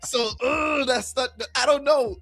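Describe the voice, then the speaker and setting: A man's voice: very high-pitched, a little slow, bright, forceful tone, faint music behind. A man co-hosting a morning radio show, joking playfully and laughing often. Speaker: radio co-host. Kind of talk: casual radio banter. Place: radio studio.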